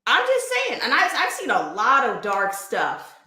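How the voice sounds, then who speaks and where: A woman's voice: fairly high pitch, huge pitch swings, measured pace, bright, forceful tone, reverberant. A woman hosting a livestream, ranting emphatically and firing off rhetorical questions. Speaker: livestream host. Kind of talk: casual livestream rant.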